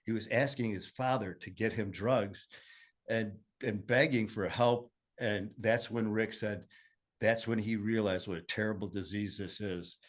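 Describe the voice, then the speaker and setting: A man's voice: lowish voice, fairly even intonation, measured pace. A man with a Michigan accent telling his recovery story in casual conversation, earnest and meandering with many fillers.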